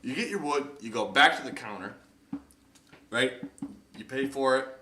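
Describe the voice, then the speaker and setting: This podcast host is a young man with a medium-pitched voice at normal speed, picked up from a distance with some background noise in an echoey room, slightly off-mic. He rambles through a long, foul-mouthed story in a relaxed way, doing voices for the people in it.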